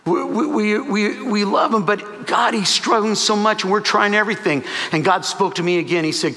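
Man, pastor, emotional sermon storyteller; high bright voice, hall reverb. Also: brisk, few pauses. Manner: emotional storytelling, quoting dialogue. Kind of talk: sermon testimony.

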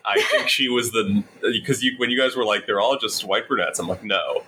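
A man's voice: fairly low pitch, fairly quick, pushed and bright, a little hiss or hum, low-quality recording. A man guesting on a podcast, talking casually in a hesitant, stumbling, self-mocking way. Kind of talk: casual chat.

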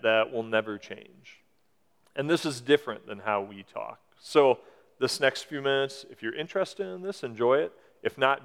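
A man in his forties preaching a sermon, explaining scripture in a conversational way with emphatic rises. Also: mid-range voice. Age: 40s. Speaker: pastor. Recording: long hall reverb.

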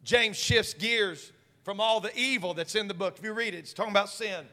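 A senior pastor preaching a sermon, moving from quiet talk to shouted preaching and calling on the congregation to answer him. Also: male voice, high-pitched, fairly quick. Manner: call-and-response with congregation. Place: church sanctuary. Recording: long reverb of a church hall.

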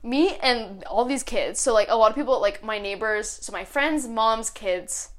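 A young woman co-hosting a podcast, telling a story in a rambling, animated way and saying "like" constantly. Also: a little high, normal speed. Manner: rambling, heavy use of "like", animated retelling. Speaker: podcast co-host. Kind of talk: casual storytelling chat.

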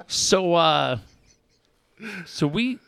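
A man's voice: on the high side, drawn-out words, gravelly, clear, resonant tone, dry recording. A man telling stories in a casual chat, swearing often and acting out the people he quotes. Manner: profane, animated, acts out quoted people.

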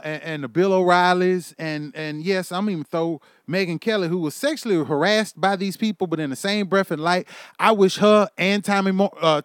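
High-voiced man on a profane rant. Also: clear, resonant tone, no room sound, clean studio sound. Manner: heated, profane, ranting with bursts of laughter. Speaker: podcast host.

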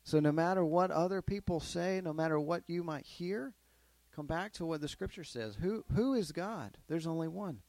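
A man leads children through a Bible lesson, pausing again and again to put questions to them. His voice sits fairly high and he tells the story with lively swings. The sound is dry and close. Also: dry recording. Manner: asks the kids questions, animated storytelling. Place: classroom with children.

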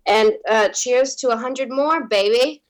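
A woman's voice: on the high side, unhurried. Giggly woman co-hosting a podcast. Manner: giggly, teasing, warmly supportive. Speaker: podcast co-host, musician. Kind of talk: casual podcast banter.

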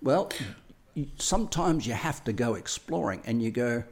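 A man's voice: medium pitch, lively intonation, moderate pace, a little mellow. A man co-hosting a podcast, talking casually and acting out little everyday scenes with playful voices. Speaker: podcast co-host. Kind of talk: casual conversational chat.

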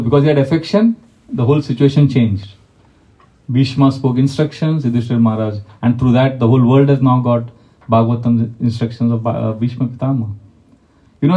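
A man's voice: medium pitch, mellow, poor audio. A man giving a devotional lecture, talking conversationally, asking his listeners questions and reciting Sanskrit verses. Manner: conversational, asks the audience questions. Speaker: spiritual teacher.

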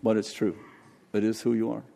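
A man preaching a sermon and leading prayer, animated, often acting out quoted voices. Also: on the low side, fairly quick, gravelly, slight background noise. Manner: animated, acts out quoted voices, jokes about accents. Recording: long hall reverb.

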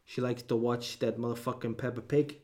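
A man's voice: medium pitch, fairly even intonation, brisk, darkish tone. A man, hosting a comedy podcast in a rambling, sweary monologue with mock outrage and lots of restarts.

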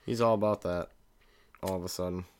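A man's voice: deep voice, steady tone, a little fast, darkish tone, smooth. A man co-hosting a podcast, chatting casually and dropping wry, joking remarks. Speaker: podcast co-host. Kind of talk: casual chat.

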